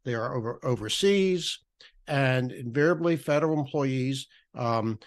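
A man's voice: mid-range voice, lively intonation, a little slow. A man on a podcast explaining retirement tax rules, often restarting and repeating words as he goes. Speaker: podcast guest, federal benefits writer.

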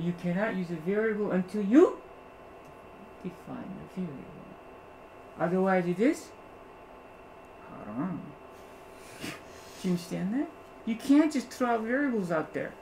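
Gravelly-voiced man teaching a math class. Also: high voice, unhurried, pauses often, a little hiss or hum, rough recording. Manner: animated, keeps checking understanding with rhetorical questions. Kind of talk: classroom lecture.

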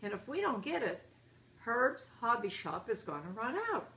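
A woman's voice: a little high, big pitch swings, normal speed, fairly bright tone, distant mic. A woman voicing an eager, breathless little girl bear cub from a picture book.

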